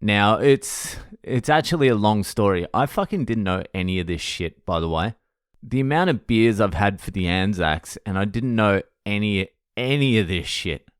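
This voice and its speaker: A man's voice: lowish voice, animated, moderate pace, clean tone, no echo, clean studio sound. A man with an Australian accent hosting a casual podcast, rambling through a history story with constant swearing. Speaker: podcast host. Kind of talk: casual monologue.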